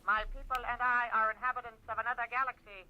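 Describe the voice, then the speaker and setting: An actor playing a calm, polite alien leader who speaks in a formal, clipped, coolly menacing way, in an old sci-fi production. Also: male voice, very high-pitched, fast. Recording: muffled old film audio.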